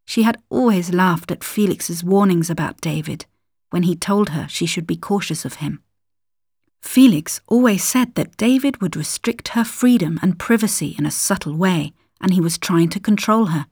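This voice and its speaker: A woman narrating a scripted story calmly, at times dropping into whispers. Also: on the low side, normal speed, slightly rough, dry recording, clean studio sound.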